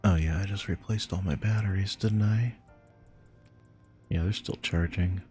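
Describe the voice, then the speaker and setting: A sleepy man yawns and chats casually while playing a game live, laid-back and swearing now and then, with game music in the background. His voice is low-pitched, a little slow and slightly mellow, with fairly even intonation.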